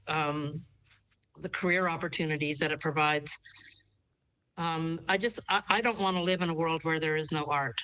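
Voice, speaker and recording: A woman arguing passionately for arts funding in a panel discussion, slow and deliberate. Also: low voice, sharp tone, rough recording. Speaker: arts advocate guest.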